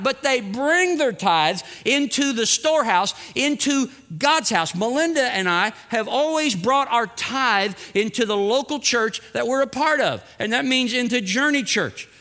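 A middle-aged pastor preaches with a notably high voice. His tone is bright and pointed, and he drives ideas home through repetition, slipping into short acted exchanges to make his case. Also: lively intonation, normal speed, hardly any pauses. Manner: emphatic, repeats for effect, acts out little dialogues. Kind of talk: sermon.

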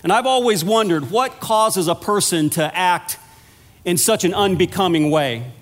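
A man with a notably high voice delivers a sermon, earnest and conversational like a storyteller. His words ring out with a long reverb from the church hall around him. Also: expressive, unhurried. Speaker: minister of pastoral care.

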